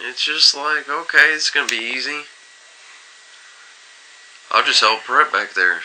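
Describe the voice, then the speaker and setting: A man's voice: medium pitch, expressive, measured pace, pushed and bright, slight background noise, low-quality recording. A man co-hosting a podcast, telling workplace stories in casual chat, mimicking coworkers and swearing freely. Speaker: podcast co-host.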